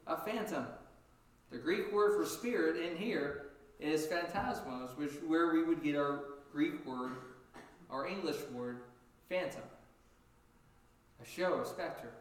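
A man preaching a sermon in a lively, animated way, jumping up in pitch as he acts out what people said. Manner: animated, acts out quotes with sudden high pitch jumps. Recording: echoey room, distant from mic.

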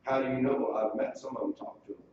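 A man's voice: medium pitch, steady tone, fast talker. A male pastor preaching a sermon, earnestly explaining scripture and quoting it in old wording. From United States. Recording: distant mic in a very echoey room, dull lo-fi sound, faint hiss.

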